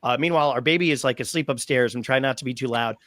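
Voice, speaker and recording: A man in his thirties, a stadium announcer, telling long, animated stories with many fillers as a guest in a podcast interview. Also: medium pitch, fast talker, no room sound.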